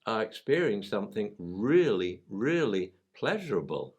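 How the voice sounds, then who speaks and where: A man chatting on a podcast about dog training, his voice low and sweeping up and down as he tells vivid stories. He talks in a loose, casual way. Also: moderate pace. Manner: animated, vivid storytelling.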